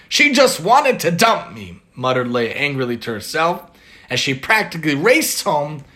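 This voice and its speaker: A man's voice: on the high side, bright, forceful tone. A man earnestly giving a religious moral lesson and reading a story aloud. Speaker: religious teacher.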